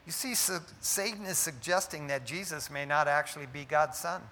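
A man delivers a sermon in a high, bright voice, emphatic yet conversational, with a habit of tacking "man" onto his points. The sound carries a long hall reverb around him. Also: moderate pace, hardly any pauses. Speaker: preacher.

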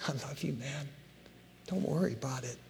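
A preacher voicing Jesus as a forgiving grown man, speaking in a hushed, almost whispered voice in a sermon. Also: medium pitch, moderate pace, creaky, long reverb tail, a little hiss or hum, natural voice. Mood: tender.

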